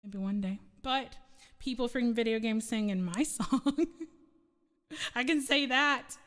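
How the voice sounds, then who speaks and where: A woman's voice: fairly high pitch, slow pace, a bit bright, in a large hall. A woman streamer and singer chatting casually with her live chat, rambling and giggling as she loses her train of thought.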